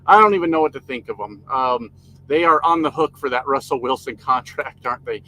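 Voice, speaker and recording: A man's voice: mid-range voice, lively intonation, a little fast, sharp tone, rough recording. A man live-streaming from his truck cab, casually chatting and joking while greeting viewers by name. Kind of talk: casual live stream chat reading comments. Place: inside a parked truck cab.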